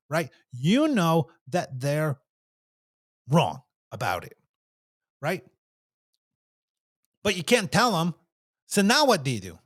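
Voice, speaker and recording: A man's voice: high-pitched, fairly bright tone. A man giving a casual talk on communication, repeating his points and acting out little quotes. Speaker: communication speaker.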